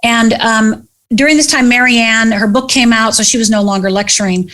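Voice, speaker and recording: Animated woman guest, slightly high voice, candid storytelling with acted-out quotes. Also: normal speed.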